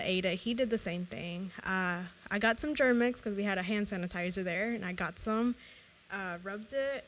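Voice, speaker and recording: Young female podcast co-host, mid-pitched, animated and giggly. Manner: animated storyteller, laughs often. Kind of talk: casual chat.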